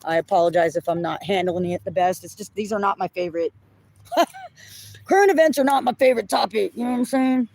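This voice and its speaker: A woman's voice: mid-range voice, fast talker, creaky, darkish tone, slight background noise. A woman giving a collective tarot reading in casual talk, blunt and often apologizing, swearing when she gets upset. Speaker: tarot reader.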